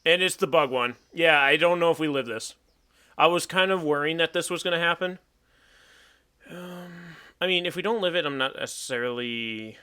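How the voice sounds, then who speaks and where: A man's voice: on the high side, moderate pace, pushed and bright, smooth. A young man chatting casually as he plays and commentates a competitive Pokemon battle, thinking aloud and joking at himself. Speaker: gaming YouTuber.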